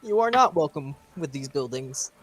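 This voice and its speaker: A man running a tabletop game as game master, narrating scenes vividly with sudden loud stresses. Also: fairly high pitch, lively intonation, moderate pace, slightly rough.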